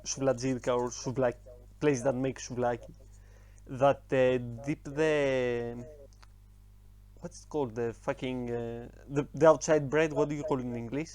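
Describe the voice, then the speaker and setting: A man with a Greek accent talks in a casual podcast chat. His voice sits at a middling pitch, and he often stops mid-sentence to search for an English word. He swears in a relaxed, offhand way. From Greece. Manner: halting, searching for words, profane.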